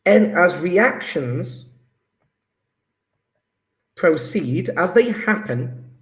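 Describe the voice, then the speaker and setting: A man teaching a chemistry lesson live online, enthusiastic and coaxing, praising students by name with quick asides. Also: sits high, animated. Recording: roomy echo.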